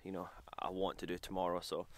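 A man's voice: sits low, little pitch movement, quick pace. A man talking casually to camera on a travel vlog, chatty and self-deprecating, on a hiking trail outdoors. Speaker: vlogger.

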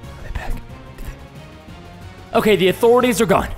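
A man hosting a gaming video, excitable and jokey, laughing often as he comments on the game. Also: sits high, normal speed, faint music behind. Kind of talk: let's play commentary.

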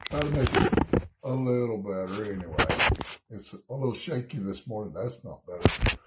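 A man's voice: fairly low pitch, animated, normal speed, reverberant, very noisy. A man leading a casual morning Bible study as pastor, chatty and folksy, a little sick with a cough, reading scripture aloud. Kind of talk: informal Bible study teaching. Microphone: streaming setup, morning online study.

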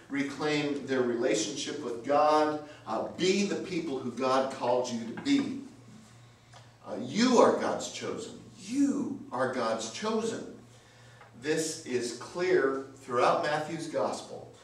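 A man preaching a sermon as pastor, emphatic, with rhetorical questions and repeated phrases, heard from a distance in a church sanctuary. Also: mid-range voice. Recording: very echoey church, mic from afar, faint noise.

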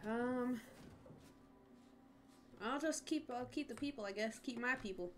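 Slow-talking woman streamer. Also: a little high, slight background noise. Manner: chatty, swears often, talks to her pets. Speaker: gaming streamer. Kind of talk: casual livestream chat. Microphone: headset.

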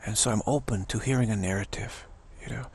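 A man giving an earnest spiritual pep talk as a teacher, halting and repeating himself as he goes. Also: fairly low pitch, a little mellow, slightly rough. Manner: earnest, repetitive, halting with restarts.

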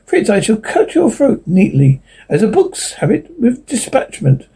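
A raspy knife-wielding villain. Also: male voice, sits high, huge pitch swings, dark tone, full character voice. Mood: menacing. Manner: cold, deliberate threats. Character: menacing man demanding the jewels. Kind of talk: 1940s radio acting.

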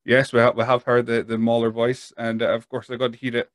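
A man's voice: medium pitch, monotone, quick pace, no echo, clean studio sound. A man in his thirties from northeast Scotland with a Speyside Scottish accent, hosting a casual interview podcast in a rambling, self-deprecating way. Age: 30s. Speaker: podcast host.

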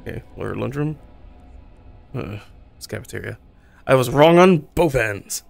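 Gravelly man voicing horror game commentary. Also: expressive, unhurried, faint music behind. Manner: swearing, talks to himself and the monster, squeals high when scared. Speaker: gaming streamer.

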